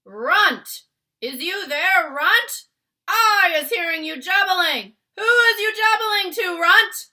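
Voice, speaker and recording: A woman voicing a huge, bullying male giant who shouts and booms in a storybook reading. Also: expressive, slow, exaggerated voice. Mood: shouting. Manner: booming shouts.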